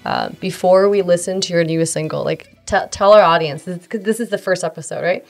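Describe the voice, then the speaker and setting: A woman hosting a podcast in casual interview chat, relaxed and conversational with a light teasing touch. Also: lowish voice, brisk, creaky, soft background music. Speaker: podcast host.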